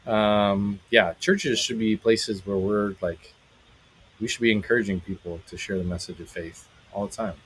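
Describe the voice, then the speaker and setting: A married man hosting a live stream as a musician, chatting casually with viewers in a rambling, halting way, full of fillers, brightening when he greets people. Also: fairly low pitch, fairly even intonation, breathy edge, poor audio. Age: adult, married.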